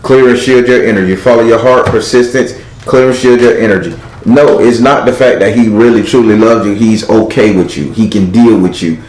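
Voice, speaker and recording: A man's voice: on the low side, a little fast, hardly any pauses, a little mellow, reverberant, slight background noise, low-quality recording. A man doing a live tarot reading, giving blunt, profane advice and acting out the lines he quotes. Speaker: tarot card reader.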